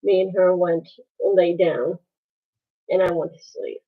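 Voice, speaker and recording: Slow, halting woman on a phone live stream. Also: fairly low pitch, steady tone. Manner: halting, with many pauses and restarts. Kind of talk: emotional live-stream storytelling. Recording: tinny phone-like sound.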